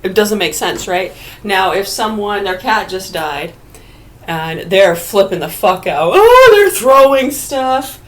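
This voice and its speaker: A woman's voice: mid-range voice, fairly even intonation, unhurried. A woman in a casual ranting monologue, blunt and profane, firing rhetorical questions at imagined listeners. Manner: argumentative, talks to absent listeners.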